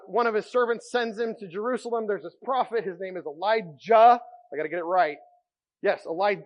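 Animated high-voiced male preacher. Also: muffled recording. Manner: animated storytelling, wide swings from loud to hushed. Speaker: pastor. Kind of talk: sermon.

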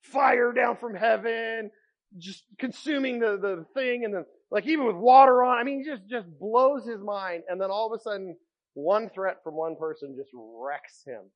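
A male pastor preaching a sermon, telling Bible stories with lively, animated delivery that swings from loud outbursts to hushed tones. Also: high voice, normal speed, highs cut off.

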